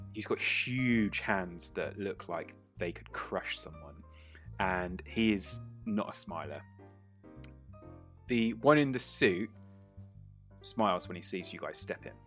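A man as game master, narrating a tabletop role-playing game in a descriptive, halting way. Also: on the low side, fairly bright tone. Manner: descriptive, halting with fillers and restarts.

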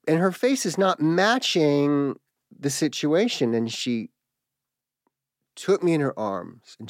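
Halting, reflective male storyteller, dry sound. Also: a little high, very animated, no echo. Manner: halting, reflective, with pauses and restarts. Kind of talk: personal storytelling.

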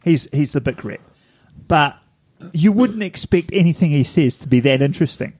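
A man's voice: a little high, lively intonation, normal speed, darkish tone, breathy edge. A man, co-hosting a podcast in casual chat, rambling and laughing at himself. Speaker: podcast co-host.

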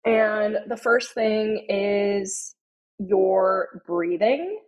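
A woman's voice: mid-range voice, drawn-out words, rough recording. Woman, young adult, interview guest, chatty, filler words, casual explaining. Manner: chatty, many "you know" and "like" fillers. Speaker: guest, tone-of-voice consultant.

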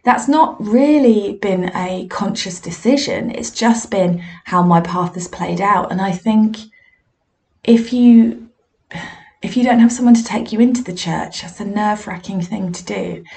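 A woman's voice: medium pitch, measured pace, creaky, darkish tone. Frank woman recounting her experiences as a medium. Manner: frank, reflective, self-deprecating. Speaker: spiritualist medium and teacher. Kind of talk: candid personal storytelling monologue.

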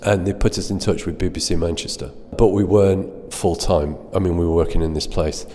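Middle-aged male guest, low mellow voice, dry self-mocking storyteller, reverberant sound. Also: fairly even intonation, fairly quick. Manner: self-deprecating, laughs at own stories. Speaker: guest telling stories. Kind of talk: anecdotal storytelling.

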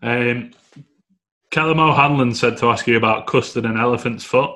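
A man interviewing a guest in a casual, relaxed way, mostly giving brief agreement. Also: mid-range voice, normal speed. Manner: brief backchannel, relaxed questions. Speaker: podcast interviewer.

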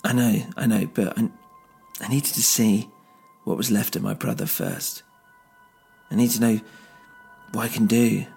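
A man voicing a desperate woman who gives forceful commands. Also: on the low side, a little slow, gravelly, pauses often, slightly rough, soft background music, heavily acted. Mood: fierce. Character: fierce, desperate woman, grieving her brother.

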